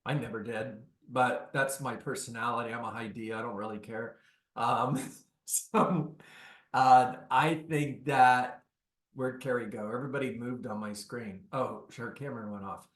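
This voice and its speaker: A man's voice: mid-range voice, steady tone, unhurried, a bit bright, echoey room. A man leading a real estate coaching session on a video call, giving direct, instructive advice.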